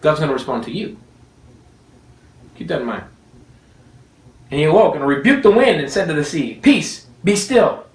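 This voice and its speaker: Male preacher, lively swooping voice, high for a man, joking and laughing, echoey room, distant mic. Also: moderate pace, pauses often. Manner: animated, joking, laughs often. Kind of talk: sermon.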